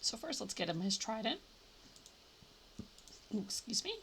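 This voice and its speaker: A woman's voice: medium pitch, very animated, a little slow, fairly bright tone, a little hiss or hum. A woman streaming a game live, chatting casually and thinking aloud with sudden playful exclamations. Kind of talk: casual live gameplay commentary.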